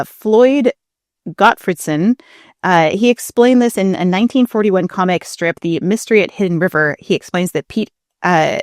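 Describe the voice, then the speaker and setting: A woman's voice: medium pitch, no echo, studio quality. A woman co-hosting a casual podcast, chatting and explaining history with frequent laughs. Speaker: co-host.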